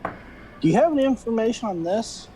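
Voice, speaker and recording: A man playing a tabletop game, asking dry, deadpan questions. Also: very high-pitched, moderate pace, a little hiss or hum, rough recording. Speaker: player. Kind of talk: casual tabletop play.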